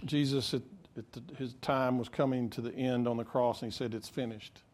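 A man's voice: medium pitch, little pitch movement, fairly quick, a little mellow. Earnest man preaching a sermon. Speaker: pastor.

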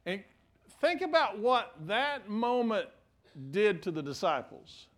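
A middle-aged man preaching a sermon, stumbling over restarts and swinging from quiet asides to emphatic points. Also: high-pitched, very animated, a little slow. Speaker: pastor.

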